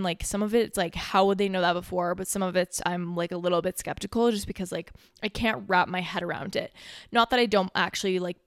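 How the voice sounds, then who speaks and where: A woman's voice: medium pitch, clear, resonant tone, dry recording, clean studio sound. A young woman in her twenties hosting a casual solo podcast, rambling with lots of "like" and frequent swearing, a little out of breath. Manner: rambling, filler-heavy, swears often. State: a bit out of breath. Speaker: podcast host.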